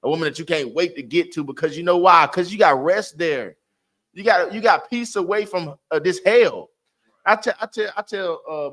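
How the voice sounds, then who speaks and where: A man teaches a Bible class in loose street slang, sliding into animated, preachy exclamations. His voice sits fairly high and rings bright and forceful. He talks to the group directly and keeps the energy up.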